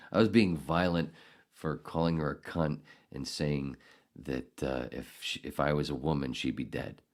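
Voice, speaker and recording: A middle-aged man hosting a podcast, telling a story in a casual, profane, animated way with bursts of outrage. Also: extremely low pitch, slow pace. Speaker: podcast host.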